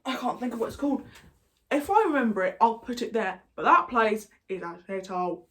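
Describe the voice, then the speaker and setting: A woman's voice: fairly high pitch, expressive, a little fast, a bit bright. A British woman chatting casually to camera, rambling and jokey, going off on tangents. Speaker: YouTuber. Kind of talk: casual vlog chat.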